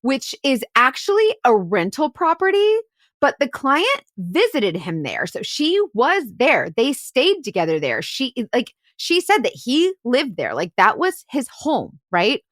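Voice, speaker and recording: Woman host and investigator, casual storyteller with a lively, fairly high voice and lots of fillers. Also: a little slow, no echo, studio quality. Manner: chatty, fillers like "like" and "right?". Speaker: podcast host and private investigator.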